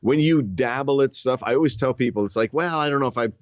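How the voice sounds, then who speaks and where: A guest author from the northern United States speaks in a casual interview, his mid-range voice halting and full of restarts and fillers. The recording is dry, with the highs cut off.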